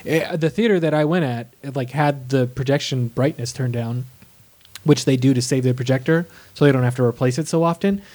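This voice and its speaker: A man's voice: mid-range voice, brisk, a little mellow, no echo. A man co-hosting a casual podcast, chatting enthusiastically and giving his opinions. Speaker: podcast co-host.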